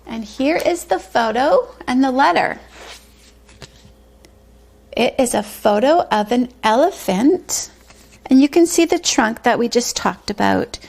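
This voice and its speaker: A woman leads a preschool circle time and stretches her words out in an unhurried, sing-song delivery. Her voice sits high and carries a gravelly, fry-touched edge. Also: lively intonation, a little mellow. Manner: slow, sing-song, drawn-out words for small children. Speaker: preschool teacher. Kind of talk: pre-K circle time lesson.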